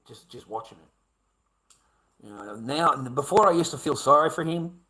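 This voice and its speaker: A man's voice: a little high, lively intonation, moderate pace, bright, forceful tone, low-quality recording. An Australian man talking to camera in a rambling, repetitive monologue, swearing heavily. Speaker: vlogger.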